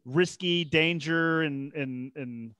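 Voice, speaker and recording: A man with a slightly raised pitch hosts over a video call, his voice dry with no room sound. He works through his questions slowly, circling with fillers and restarts. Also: bright, forceful tone, smooth, no echo. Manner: slow, searching questions with many fillers. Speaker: podcast host. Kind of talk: casual podcast chat.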